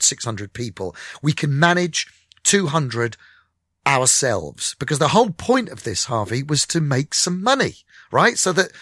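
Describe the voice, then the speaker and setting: A man's voice: medium pitch, no room sound, studio quality. A middle-aged man, a musician, telling candid stories in a radio interview and acting out the conversations. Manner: animated, candid storyteller who acts out conversations. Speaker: musician guest.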